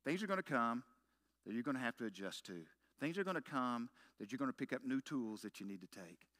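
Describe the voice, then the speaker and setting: A man's voice: mid-range voice, a bit bright. A middle-aged man preaching a sermon as pastor, telling a story with self-mocking humor and punchy rhetorical questions.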